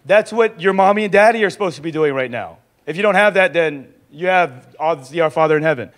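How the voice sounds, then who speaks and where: A young adult man teaching in a sermon style, lively and acting out little dialogues as he goes. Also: on the high side, fast. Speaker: pastor teaching a discipleship school.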